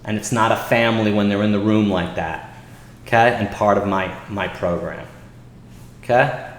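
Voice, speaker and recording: A man hosting a trading show, telling an indignant story and reading messages aloud in a lively, exasperated way. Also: on the low side, moderate pace, a little hiss or hum. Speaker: day trading show host. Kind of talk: casual livestream talk. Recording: echoey room with long reverb.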